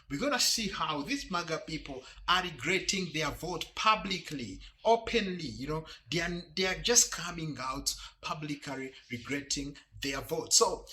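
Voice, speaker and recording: A man introduces a reaction video in a very bright, sharp voice that sits a little high for a man. He starts out dramatic and then drifts into a loose, conversational ramble. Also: expressive, moderate pace, few pauses, a little hiss or hum. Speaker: channel host.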